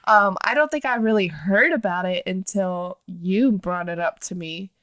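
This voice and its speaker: A woman's voice: medium pitch, moderate pace, fairly bright tone, no echo. Stuffy-nosed woman podcast co-host. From Texas. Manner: apologetic, giggly, chatty. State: stuffy, nasal from allergies. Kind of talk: casual chat.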